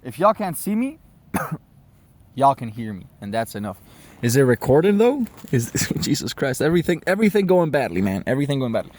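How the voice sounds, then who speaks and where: A man's voice: mid-range voice, big pitch swings, moderate pace, darkish tone. A man vlogging outdoors on his phone at sunset, rambling loosely with constant swearing. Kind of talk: casual rambling rant to camera.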